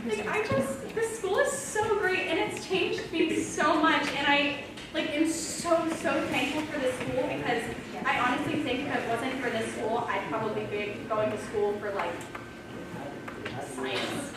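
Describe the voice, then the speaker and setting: A woman's voice: high-pitched, animated, a little slow. A teenage girl giving a rambling, emotional farewell speech as a graduating senior, laughing and close to tears. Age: teens. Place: large school hall or auditorium. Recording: echoey distant hall mic with loud crowd and noise.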